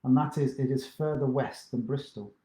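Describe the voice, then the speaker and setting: A man co-hosting a live question-and-answer session as a dance teacher, talking in a relaxed, rambling way and poking fun at himself. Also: medium pitch, moderate pace, reverberant. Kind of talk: casual live-stream chat.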